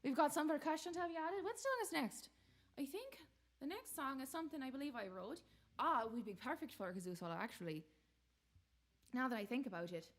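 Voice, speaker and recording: Chatty, fairly high-pitched woman host. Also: lively intonation, fairly quick. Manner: chatty, rambling, bantering. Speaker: host of a live-streamed variety show. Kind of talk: casual live-stream chat.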